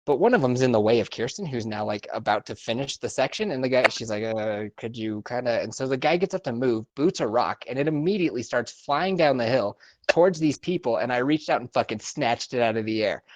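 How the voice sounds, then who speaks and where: A man's voice: medium pitch, animated, brisk, no room sound. Laughing, profane young man telling a story. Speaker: podcast co-host. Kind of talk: casual storytelling chat.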